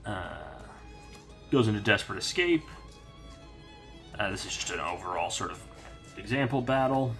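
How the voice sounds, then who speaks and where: A man's voice: lowish voice, moderate pace, long pauses, faint music behind. A young man giving a casual, rambling unboxing review of a hobby magazine, with plenty of fillers. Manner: relaxed, rambling with many fillers.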